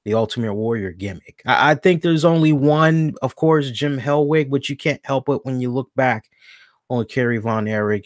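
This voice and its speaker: A man's voice: mid-range voice, no echo, studio quality. A man hosting a wrestling podcast alone, talking casually and rambling, thinking aloud and correcting himself as he goes. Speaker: podcast host.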